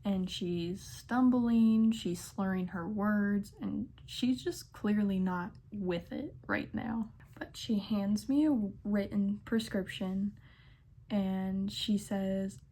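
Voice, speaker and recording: A woman's voice: medium pitch, takes it slowly, warm tone. A young adult woman, a pharmacy technician, narrating storytime tales in a sassy, exasperated way.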